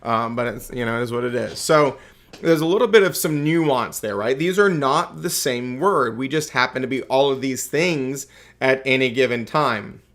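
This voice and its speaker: A man with a Southern US accent lectures his class in a folksy, joking way. He talks at a middling pitch, like an instructor walking students through the basics. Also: moderate pace, fairly bright tone. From Southern United States. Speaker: real estate instructor.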